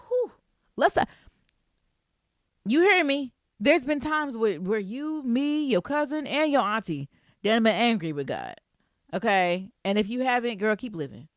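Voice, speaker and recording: Lively woman giving casual faith talk. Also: on the high side, measured pace, dry recording, clean studio sound. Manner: lively, playful, speaks straight to the viewer with "girl" and "baby". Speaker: Christian faith vlogger.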